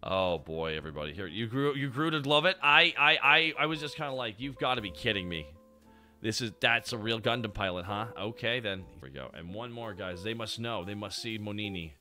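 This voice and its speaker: Bright-voiced excitable man with faint music. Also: lowish voice, a little fast, few pauses. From Canada. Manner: excitable, swearing, laughing, mock-dramatic asides. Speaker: podcast co-host. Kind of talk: casual chat reacting to an anime.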